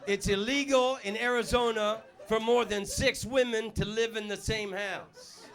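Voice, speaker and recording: A man performing a stand-up comedy set in a club, with a loud, punchy delivery. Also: high voice, fairly even intonation, measured pace. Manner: loud punchy delivery, puts on voices for jokes.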